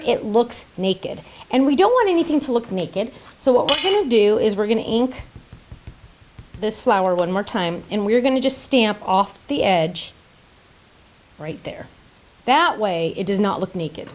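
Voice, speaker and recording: A woman's voice: mid-range voice, darkish tone, slight background noise, rough recording. A woman hosting a casual card-making tutorial, chatty and playful, making silly sound effects and joking about herself. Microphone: top-down camera setup.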